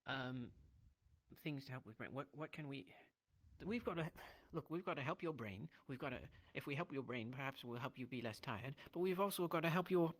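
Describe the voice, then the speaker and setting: A roleplay player, talking in a soft, hesitant way with many fillers. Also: medium pitch, animated, a little fast. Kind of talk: casual roleplay chat.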